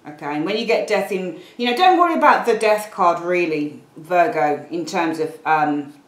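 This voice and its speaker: A woman's voice: fairly low pitch, expressive, normal speed, reverberant, rough recording. Chatty Birmingham woman reading tarot. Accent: Birmingham English. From Birmingham, England. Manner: chatty, rambling, apologetic asides, calls viewers darlings. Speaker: tarot reader. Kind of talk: casual tarot reading to camera. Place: room at home, at a table.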